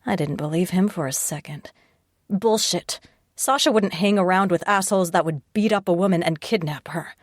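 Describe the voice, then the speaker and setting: A woman narrating an audiobook in a slow, measured reading. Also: sits low, dry recording, clean studio sound.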